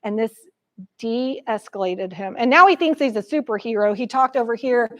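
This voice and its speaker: A woman's voice: a little high, expressive, moderate pace. A middle-aged woman therapist giving a presentation, animatedly retelling a session with a child and speaking straight to the audience.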